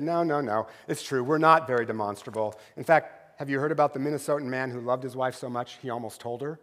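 A male pastor giving a sermon in a church, telling a story in a conversational way with asides and closing in a quiet, slow prayer. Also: fairly high pitch. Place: church sanctuary. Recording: long church reverb.

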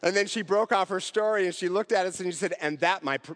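A man preaching a sermon in an earnest way, with emphatic rises and soft drops, closing in prayer. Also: high-pitched, quick pace, in a large hall. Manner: earnest, rising and falling emphasis, ending in prayer.

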